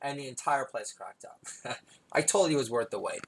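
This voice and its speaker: A man rambles through a comic monologue as podcast host. He is self-deprecating and digressive and keeps breaking into loud, emphatic bursts. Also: medium pitch, animated, moderate pace, gravelly, low-quality recording.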